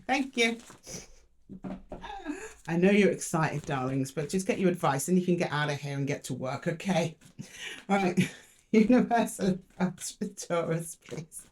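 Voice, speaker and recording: A woman's voice: lowish voice, expressive, unhurried, pauses often, darkish tone. A young adult woman doing a chatty, affectionate tarot reading to camera in a room at home. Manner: chatty and affectionate, talking to viewers as "my loves". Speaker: tarot reader. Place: room in a two-story house.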